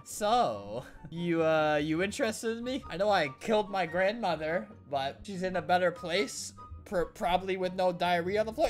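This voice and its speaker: A man's voice: high-pitched, a bit bright. A man giving joking gameplay commentary, playing at being sad and sarcastic and often breaking into laughter. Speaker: gaming commentator.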